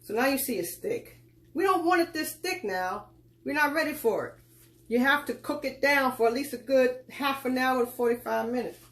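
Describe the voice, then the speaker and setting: A woman with a slightly high voice walks viewers through a live cooking lesson. She gives folksy, instructive directions and calls her audience child and girl. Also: moderate pace, fairly bright tone. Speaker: cooking tutorial host. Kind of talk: casual live cooking demonstration.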